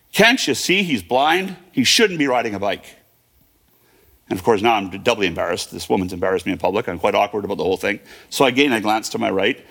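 A man's voice: on the low side, creaky, a bit bright. A man in his fifties telling a personal story in a vivid present-tense retelling, with fillers and restarts. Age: 50s. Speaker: guest.

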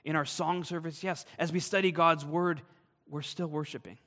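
A man's voice: fairly high pitch, fairly even intonation, moderate pace, pushed and bright, long reverb tail. A man, a pastor, preaching a sermon with earnest, emphatic delivery.

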